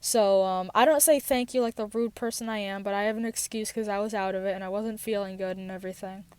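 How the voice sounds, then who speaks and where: A woman's voice: medium pitch, fairly even intonation, fast, a little mellow, smooth, no room sound. A teenage girl telling a personal story in a rambling, casual way, with many fillers and restarts, recorded in a parked car. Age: teens. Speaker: podcast host.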